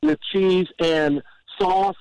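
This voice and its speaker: A man's voice: a little high, steady tone, extremely slow, a little mellow, highs cut off. A man from Southern California talking as a guest on a sports radio show, rambling and joking with exaggerated stories and stammered restarts. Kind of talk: casual sports radio banter.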